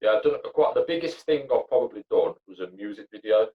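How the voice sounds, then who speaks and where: Young guy on a podcast, kinda low voice, swears a lot, dull muffled audio. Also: expressive, fast talker. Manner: blunt and sweary, rambling with many fillers. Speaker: podcast guest, comedy actor and writer. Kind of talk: casual chat. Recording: dull lo-fi sound.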